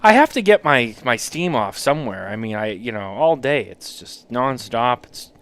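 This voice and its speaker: A man's voice: mid-range voice, big pitch swings, normal speed, a bit bright. An American man co-hosting a podcast, teasing his co-hosts in rambling casual banter and laughing often. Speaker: podcast co-host.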